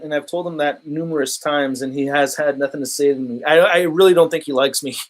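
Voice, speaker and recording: High-voiced joking live-streamer guy. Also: fairly bright tone. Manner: joking and rambling, with frequent laughs and repeated words. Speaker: toy collector YouTuber hosting a live stream. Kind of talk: casual live-stream chat.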